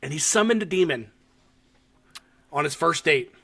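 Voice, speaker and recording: A man's voice: on the high side, moderate pace, vocal fry, breathy edge. A man co-hosting a podcast, animatedly recapping a horror short in casual chat, swearing often and laughing as he tells it. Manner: animated, swears a lot, laughs while telling.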